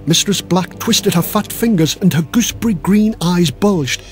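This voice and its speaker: Guy reading a spooky kids history story, really dramatic, high voice, little music behind. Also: lively intonation, moderate pace, hardly any pauses, slightly rough. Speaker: narrator. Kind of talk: scripted narration of a children's history story.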